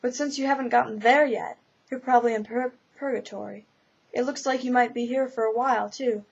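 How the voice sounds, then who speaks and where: A woman voicing an older, brisk, matter-of-fact spirit who guides a newcomer, read in a storybook manner, on a slightly dull lo-fi recording. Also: on the high side, fairly even intonation, vocal fry, slightly rough.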